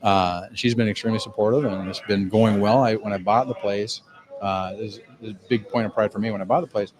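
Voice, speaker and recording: A man's voice: fairly low pitch, steady tone, fairly quick, crowd noise, low-quality recording. A man, a cigar lounge owner telling a rambling, profane, self-mocking story in a lounge. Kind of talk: casual storytelling.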